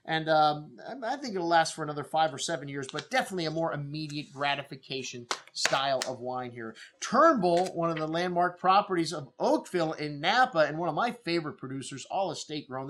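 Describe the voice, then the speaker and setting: A man's voice: mid-range voice, a bit bright. A middle-aged man hosting a wine shop video, going through tasting notes in a loose, rambling way full of fillers.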